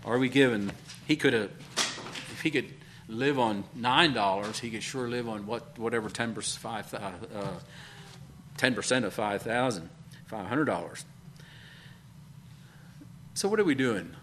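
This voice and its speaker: A man preaching a sermon, speaking in halting bursts with frequent fillers and repeated questions to his congregation. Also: mid-range voice, a bit bright, slight background noise. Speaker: pastor.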